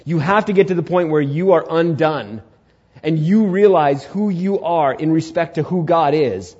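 A man in his twenties preaching a sermon, telling the story in a lively way and swinging between loud bursts and hushed lines. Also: fairly high pitch, moderate pace, slightly rough, highs cut off. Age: 20s. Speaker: pastor.

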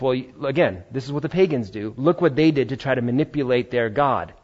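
A man preaching a sermon, retelling a Bible story with lively acted-out voices. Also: mid-range voice, a little fast, few pauses, muffled recording. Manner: animated storytelling, acting out biblical voices. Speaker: pastor.

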